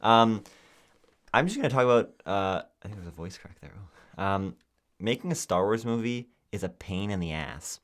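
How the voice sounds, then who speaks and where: A young man co-hosts a podcast at a moderate pace, his voice lowish, in a relaxed chat. He tells his stories with energy and acts out the quotes.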